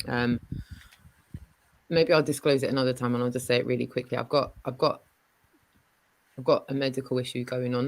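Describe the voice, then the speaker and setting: A woman hosting a casual livestream chat, giving shout-outs and telling stories with lots of fillers. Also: very deep voice, creaky, rough recording. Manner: chatty, warm shout-outs, many fillers. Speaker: livestream host.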